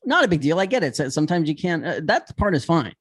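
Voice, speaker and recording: A man co-hosting a podcast, telling a story in an animated, ranting way with lots of swearing. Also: on the high side, quick pace, breathy edge. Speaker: podcast co-host. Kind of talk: casual chat.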